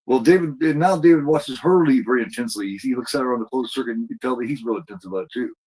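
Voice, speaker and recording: A man's voice: medium pitch, very fast, a little mellow, slightly rough, rough recording. A man casually recapping a TV episode as a podcast co-host, rambling with lots of fillers and restarts.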